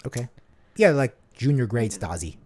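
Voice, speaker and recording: A man's voice: mid-range voice, very animated, moderate pace, a little mellow. A man co-hosting a podcast, chatting casually in a jokey, rambling way with lots of "like.". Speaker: podcast co-host. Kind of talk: casual chat.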